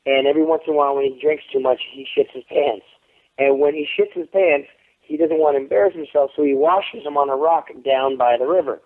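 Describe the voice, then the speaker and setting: A man tells stories over a tinny phone line, loud and profane, swearing freely as he goes. His voice sits a little high, and the line sounds thin and narrow. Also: fairly quick. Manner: profane, animated storytelling. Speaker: interview guest, actor. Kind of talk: casual phone interview.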